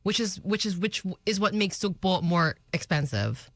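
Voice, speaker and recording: A woman's voice: lowish voice, expressive, moderate pace, fairly bright tone, no echo, studio quality. A woman co-hosting a radio show, chatty and easygoing, laughing often. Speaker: radio co-host. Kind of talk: casual radio banter. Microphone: studio microphone.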